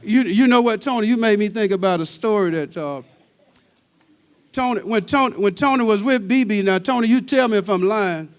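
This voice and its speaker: A man's voice: high voice, moderate pace, clear, resonant tone. A man emceeing a panel, teasing and introducing a drummer in a playful way. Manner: playful, teasing, repeats himself. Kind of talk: introducing and bantering on stage. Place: university symposium stage.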